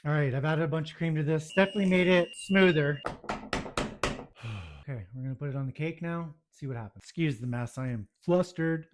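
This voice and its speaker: A man's voice: on the high side, fairly quick, background noise. A man narrating his own home baking video, muttering to himself with self-deprecating exasperation as things go wrong in his kitchen.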